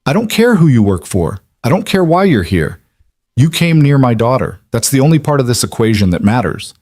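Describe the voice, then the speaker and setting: A quiet, steely single dad, read by a man with a low voice and a flat, cold delivery. The sound is close and dry. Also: normal speed, no echo. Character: protective single-dad janitor, cold and steady.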